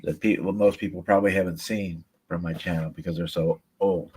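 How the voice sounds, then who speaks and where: A man's voice: deep voice, fairly even intonation, fairly quick, darkish tone, breathy edge. A man guesting on a hobby livestream, chatting in an easygoing way about his builds. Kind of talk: casual chat.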